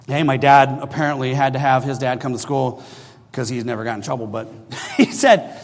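A man's voice: medium pitch, big pitch swings, normal speed. A middle-aged man preaching a sermon, telling a personal story in a conversational way and often checking in with the listeners. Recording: long hall reverb.

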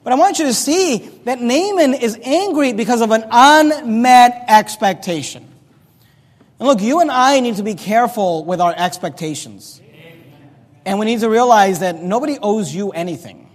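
A male pastor with a strikingly high voice preaches a sermon, walking through the text in a chatty manner and breaking off for humorous asides. His words ring out with a long reverb from the church around him. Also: expressive, normal speed.

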